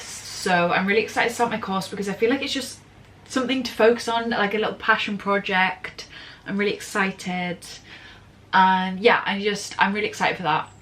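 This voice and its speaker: A woman's voice: mid-range voice, a bit bright, slight background noise. Chatty young British woman vlogging. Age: young adult. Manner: chatty and rambling, frequent "like" and "genuinely". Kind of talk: casual vlog chat.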